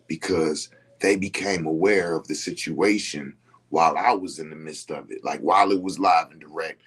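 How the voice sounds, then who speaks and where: Low-pitched and slightly rough, this man's voice moves at a moderate pace as he tells his listeners a personal story. He keeps it loose and chatty, often repeating himself and asking whether they follow.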